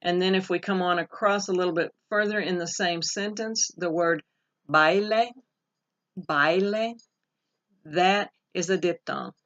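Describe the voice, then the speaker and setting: A woman teaching a recorded online pronunciation lesson, reading word lists slowly and carefully with pauses and fillers. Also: fairly low pitch, fairly even intonation. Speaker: Spanish teacher. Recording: dull lo-fi recording.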